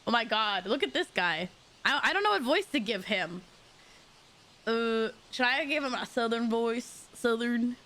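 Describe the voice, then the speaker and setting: A woman's voice: on the high side, animated, a little slow, bright, forceful tone. A young woman streamer chatting casually and swearing freely while playing a story game. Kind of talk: casual gaming commentary.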